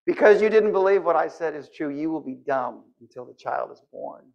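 The angel Gabriel, slow and solemn, his voice dropping as he passes a stern judgement, as a preacher puts him on. The sound is slightly dull. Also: a little high, lively intonation, gravelly, darkish tone.

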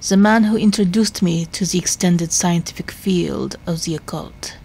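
A woman voicing a formal, earnest male Victorian doctor in a video game, measured and grave. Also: on the low side, creaky, darkish tone, husky.

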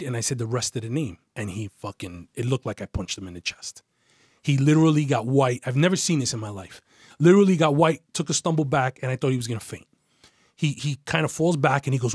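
With lively intonation and a brisk pace, this middle-aged former detective tells a blunt, profanity-laced story, acting out the voices of those in it. His voice is medium-pitched with a breathy edge; the casual interview is studio quality with no echo.

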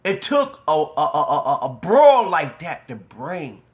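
A man's voice: a little high, slow. A middle-aged man, casually telling a personal story with emotion and humor, acting out the other people's voices. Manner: animated, acts out voices, emotional and petty humor.

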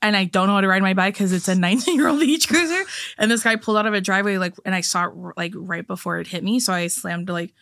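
A young woman rattles off embarrassing anecdotes at a rapid clip, slipping into little acted-out quotes and laughing along the way. The sound is close and dry, like a podcast mic in a deadened room. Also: mid-range voice, fairly bright tone, dry recording. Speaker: podcast guest co-host. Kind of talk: casual storytelling chat.

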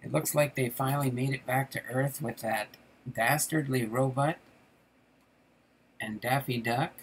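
A man's voice: medium pitch, steady tone, measured pace, slight background noise, rough recording. A middle-aged man hosting a casual livestream, reading comic strips aloud and chatting with viewers, laughing along. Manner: chatty, laughs at the jokes, loosely voices the strip characters. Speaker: card collector channel host.

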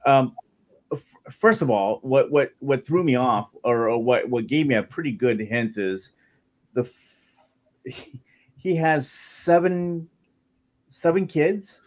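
A man on a video call in a casual discussion, reading aloud haltingly with many fillers and restarts. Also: medium pitch, expressive, a little mellow.

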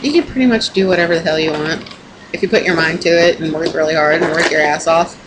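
Talking to her camera at home, a young woman vlogger gives a rambling, emphatic pep talk, swearing a lot. Her voice sits low and she talks fast. The home recording is noisy.

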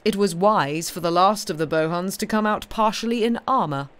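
A woman's voice: mid-range voice, moderate pace, natural voice. A woman reading the lines of a sneering, carelessly cruel older male colonel in an airy, mocking tone, from a storybook.

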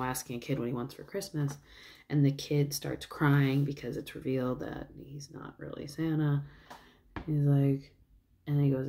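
A woman vlogger with a low, dark voice chats casually, giving a long, rambling recap packed with "like" and "um." There's slight background noise.

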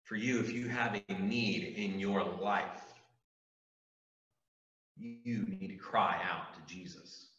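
A youth pastor delivers a sermon to a youth group, earnest and emphatic, calling out to his listeners again and again. His voice sits fairly low and a bit bright, with fairly even intonation, a slow pace and long pauses. The recording is dull and echoey, captured on a distant mic.

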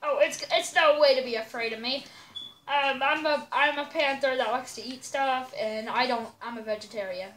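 A woman's voice: high voice, normal speed, fairly bright tone, a little hiss or hum, poor audio. A woman voicing a goofy male panther house inspector who eats cockroaches, talking in a playful, stumbling way during casual game role-play. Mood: silly.

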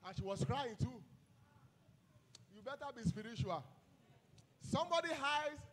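A young man with a Nigerian accent preaches with fire, breaking into shouts and throwing "hello?" out to the congregation. His voice sits very high and rings bright and sharp. His pitch leaps and falls constantly as he drives the sermon along. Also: expressive, measured pace. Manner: fiery call-and-response preaching, shouting and asking "hello?". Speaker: pastor.

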